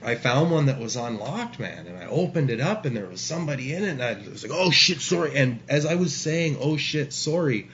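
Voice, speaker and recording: A man's voice: mid-range voice, very animated, fairly quick, few pauses. A man telling stories casually as a guest, rambling and swearing a lot. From Canada. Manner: profane, rambling storyteller. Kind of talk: casual storytelling. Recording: dull lo-fi sound, faint hiss.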